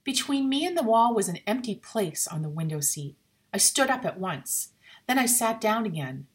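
A woman narrating a ghost story in an expressive, suspenseful reading. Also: medium pitch, normal speed.

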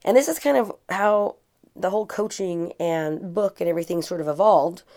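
A woman's voice: on the low side, moderate pace, mellow. A middle-aged woman hosting a podcast, telling her own story in a chatty, earnest way with frequent fillers and restarts. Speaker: podcast host and real estate coach. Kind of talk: casual podcast monologue.

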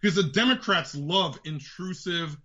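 A man with a New York accent hosting a podcast, ranting about politics in a profane, fast, heated way. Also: on the high side, lively intonation, pushed and bright. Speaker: podcast host. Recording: dull lo-fi sound.

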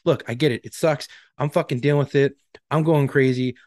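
A man's voice: mid-range voice, steady tone, fairly quick, a little mellow, no room sound. A man in his thirties, co-hosting a casual podcast, telling blunt, profane stories about his pain and his doctors. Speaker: podcast co-host. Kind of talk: casual chat.

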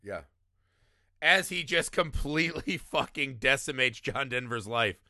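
A man in his thirties co-hosting a casual movie discussion, animated and profane, often acting out quotes. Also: mid-range voice, a little slow, no room sound, clean studio sound. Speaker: podcast co-host.

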